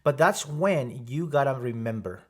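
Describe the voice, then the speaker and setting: Man, faith podcast co-host, mid-pitch, hesitant, restarts often. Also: animated. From Mexico. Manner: halting, many restarts and fillers. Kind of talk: casual faith podcast chat.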